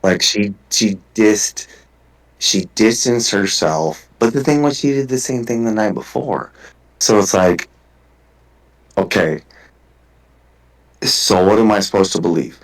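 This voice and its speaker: A man with a somewhat low voice talks in a loose, unscripted podcast chat. He tells a long personal story, swears freely and keeps restarting his sentences. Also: expressive, unhurried, pauses often, rough recording. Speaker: guest. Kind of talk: casual podcast conversation.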